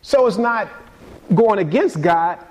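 Emphatic preaching man, fairly high voice. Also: expressive, takes it slowly. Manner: dynamic preaching, swings between quiet and emphatic; casual conversational delivery with repeated words. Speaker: pastor. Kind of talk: sermon.

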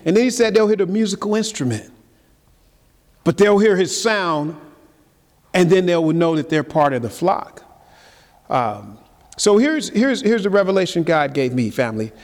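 A man preaching a sermon, firing rhetorical questions at the congregation and swinging between loud high emphasis and low quiet asides. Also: expressive, normal speed, pauses often. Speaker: pastor. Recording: long reverb of a large hall.

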